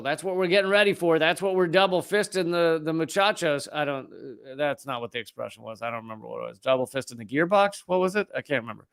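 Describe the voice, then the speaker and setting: A man's voice: on the high side, fast talker, gravelly, few pauses, a bit bright, clean tone. A man hosting a live-stream commentary, reading from an article and breaking off into sarcastic, joking asides.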